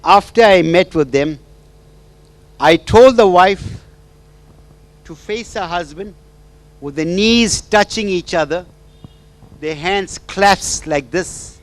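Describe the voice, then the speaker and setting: A man's voice: high-pitched, slow pace, pauses often, dry recording. A man giving a storytelling talk as a marriage counsellor, who often checks in with the audience by asking "right?" and "hmm?". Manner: checks in with the audience through repeated "right?" and "hmm?", with sing-song asides. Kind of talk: storytelling lecture.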